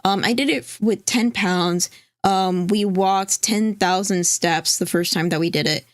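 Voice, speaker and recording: A woman's voice: medium pitch, unhurried, no echo, studio quality. A woman co-hosting a casual livestream, rambling, reading chat aloud and swearing casually. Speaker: stream co-host.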